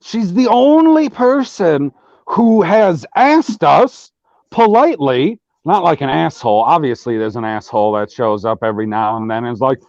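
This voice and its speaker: A man chatting as a guest on an online panel, telling wry stories in a drawn-out way and swearing. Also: a little high, lively intonation, darkish tone, dry recording. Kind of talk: casual panel chat. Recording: dry lo-fi call audio.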